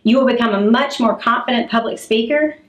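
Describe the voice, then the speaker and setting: A middle-aged woman teacher gives a classroom lesson on public speaking, speaking clearly and demonstratively as she acts out examples. Her voice is on the high side and a little fast, and the room sounds echoey.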